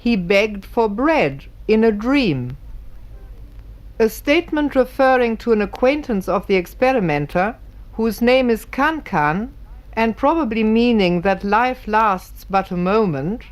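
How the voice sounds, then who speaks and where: A woman reading scripted documentary narration in a careful, deliberate way. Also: fairly high pitch, lively intonation.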